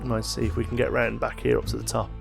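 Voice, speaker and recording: Tired, gravelly man narrating gameplay. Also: mid-range voice, fast, over music. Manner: thinking aloud, relaxed and chatty. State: tired, yawning. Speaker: let's play host. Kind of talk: casual gameplay commentary.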